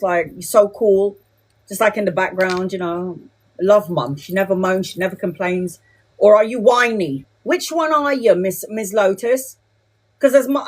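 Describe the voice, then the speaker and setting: Woman, tarot reader, live stream reading, blunt, chatty, a bit high-pitched. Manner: blunt, chatty, swears casually.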